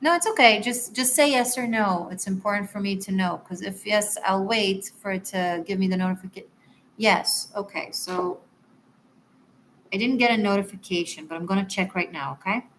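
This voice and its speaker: A woman's voice: mid-range voice, animated, moderate pace, a little hiss or hum. Chatty, apologetic woman tarot reader. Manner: chatty and apologetic, addresses viewers warmly. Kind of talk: live-stream tarot reading with chat.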